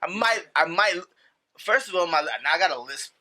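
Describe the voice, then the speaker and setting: A man's voice: high voice, lively intonation, normal speed, bright, forceful tone. A young man, telling a story in casual, profane chat and repeating himself as he goes. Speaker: podcast guest.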